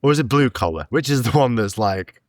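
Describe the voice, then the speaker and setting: A man's voice: medium pitch, a little fast, no echo. A man co-hosting a podcast in casual chat, joking freely and cursing offhandedly. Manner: joking, animated, casual swearing. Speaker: podcast co-host.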